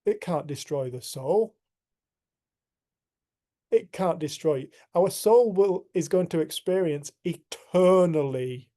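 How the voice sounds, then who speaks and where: A man's voice: fairly high pitch, takes it slowly, warm tone. A man speaking candidly to a group on a video call, earthy and frank, laughing at himself now and then. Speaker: group facilitator. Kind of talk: casual spiritual talk to a group.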